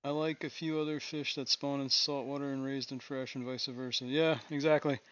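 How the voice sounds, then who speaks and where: A man's voice: mid-range voice, a little fast, smooth, dull audio. Laid-back man chatting about his fish. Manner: relaxed, rambling, chuckles often. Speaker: aquarium stream host. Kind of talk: casual live-stream chat. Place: home fish room.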